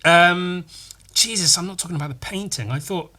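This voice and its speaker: A man's voice: high voice, moderate pace, pushed and bright. A man giving casual, rambling commentary over painting footage, swearing now and then and joking at his own expense. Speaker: miniature painter.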